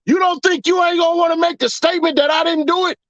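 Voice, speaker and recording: A man's voice: extremely high pitch, fairly even intonation, quick pace, a bit bright, no echo, lo-fi sound. A man in a casual, profane commentary rant, mocking his audience with rhetorical questions. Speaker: commentary vlogger.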